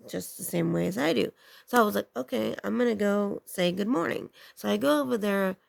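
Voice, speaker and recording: A woman's voice: medium pitch, creaky. A woman vlogger casually telling a personal story to camera, rambling with restarts and acting out what people said. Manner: rambling, with many restarts and acted-out quotes.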